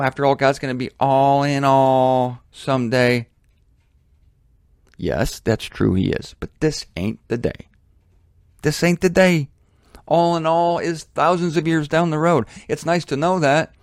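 A man's voice: mid-range voice, no room sound, studio quality. A man preaching a sermon on headphones in a blunt, indignant, emphatic way. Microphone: headphones on, close mic.

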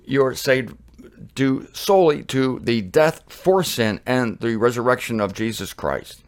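Middle-aged male Bible teacher, passionate and conversational, mid-pitched, reads scripture and talks straight to viewers. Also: a little slow.

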